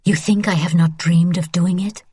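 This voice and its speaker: A woman voicing a weary, ashamed mother who speaks quietly while trying to protect her children. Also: lowish voice, steady tone, moderate pace, husky, no room sound. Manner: quiet and subdued.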